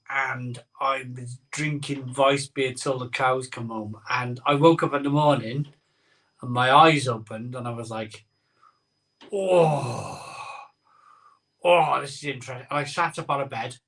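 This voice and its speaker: A man's voice: mid-range voice, bright, forceful tone, distant mic. A man hosting a live beer-drinking show, telling a rambling story in casual chat and repeating his phrases as he goes.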